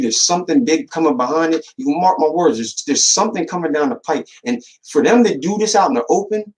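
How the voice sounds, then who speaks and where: A man hosting a podcast in a casual monologue, talking in street slang, animated, with lots of restarts and repeated words. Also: a little high, low-quality recording. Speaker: podcast host.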